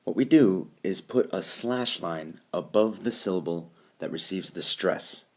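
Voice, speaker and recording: Low-voiced male teacher for a screencast voice-over, clear and explanatory, leans hard on stressed beats. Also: a little slow, darkish tone. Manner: explanatory, recites poetry lines with exaggerated stress. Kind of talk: recorded classroom screencast lesson. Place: voice-over recorded over a whiteboard app.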